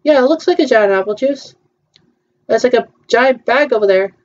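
A woman's voice: a little high, normal speed, a little mellow, dull audio. A woman chatting casually through a virtual theme-park tour, hesitant and playful, with frequent ums.

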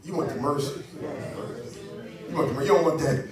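High-voiced man preaching hard, big echoey church, mic sounds far off. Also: a little fast, crowd noise. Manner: fervent preaching with call-and-response from the congregation. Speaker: pastor. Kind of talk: sermon. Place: church sanctuary.

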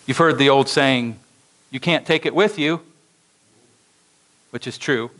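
A man's voice: mid-range voice, low-quality recording. A male pastor delivering a sermon in a church, telling a story and acting out its voices with animation. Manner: animated storytelling with acted quotes.

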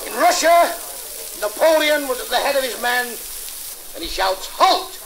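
In a club, a male stand-up comedian runs a blue routine, telling crude jokes and heckling the crowd. His very high voice is animated and a bit bright, at a moderate pace. The live recording is noisy.

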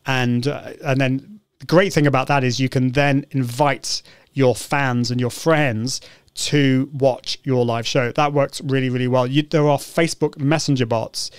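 A man's voice: mid-range voice, steady tone, unhurried, clean tone, no echo. A British man hosting a live-stream tutorial in a chatty, upbeat way, full of ums and restarts. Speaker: live show host.

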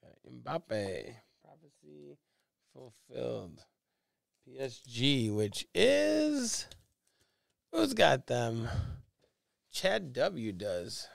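A man's voice: medium pitch, big pitch swings, very slow, vocal fry, pauses often, no echo, studio quality. A man hosting a live card break, reading out players and teams in casual chat and joking about how names are pronounced. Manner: chatty, joking about name pronunciations.

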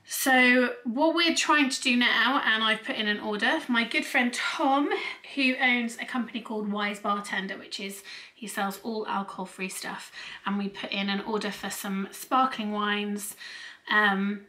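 A woman's voice: medium pitch, steady tone, unhurried, bright, forceful tone. A young woman, chatting casually to camera in a home vlog, a little stuffy from a cold and rambling with fillers. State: slightly congested from a cold. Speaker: vlogger.

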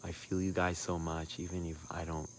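A man giving a soft, intimate, heartfelt sign-off to his livestream, mixing in words. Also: deep voice, little pitch movement, normal speed, slight background noise. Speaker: spiritual livestream host.

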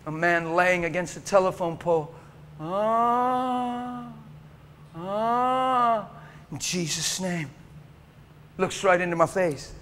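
A man's voice: on the high side, little pitch movement, normal speed, fairly bright tone. A male preacher delivering an emotional, story-driven sermon in a church, acting out the people in his stories. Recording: long church reverb, faint background noise.

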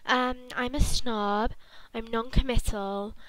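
A woman's voice: a little high, fairly even intonation, slow pace, a bit bright, dry recording, pitched below the performer's own voice, low-quality recording. A woman voicing a snobbish, flirty female spy in her late twenties, a contestant in a life-sim dating game, who lists her traits with breezy self-assurance.

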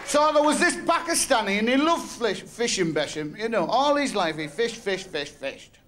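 A man from North West England with a Northern English accent, telling crude jokes bluntly and quick-fire as a stand-up comedian on stage. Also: high voice, very animated, over a noisy crowd, heavy background noise.

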